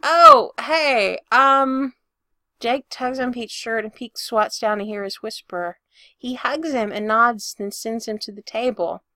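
A woman reading fiction aloud as narrator in an even, intimate storytelling manner. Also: on the high side, moderate pace, no echo, clean studio sound.

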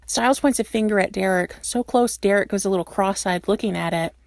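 A woman reading a fan fiction story aloud, expressive and animated. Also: medium pitch, brisk, gravelly, no echo, clean studio sound. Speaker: reader.

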